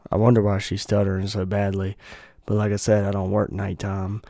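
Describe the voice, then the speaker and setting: A man with a very low voice hosts his podcast from a dry, close setting. He tells his story casually and sarcastically, shrugging things off. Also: monotone, brisk, vocal fry, dark tone, no echo. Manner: casual, sarcastic, swearing, laughs it off. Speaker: podcast host.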